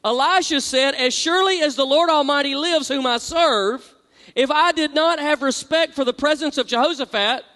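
A man's voice: very high-pitched, sharp tone. A man preaching a sermon, reading scripture aloud and drawing call-and-response from his congregation. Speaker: pastor. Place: large church hall. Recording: long hall reverb.

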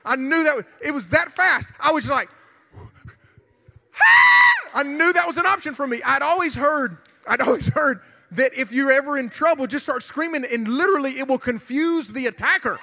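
Man, 40s, youth pastor, animated sermon, sharp bright voice, hall echo. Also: very high-pitched, fairly quick, vocal fry, hardly any pauses. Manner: animated, shouting during the retold confrontation. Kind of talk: sermon with storytelling. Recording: hall reverb.

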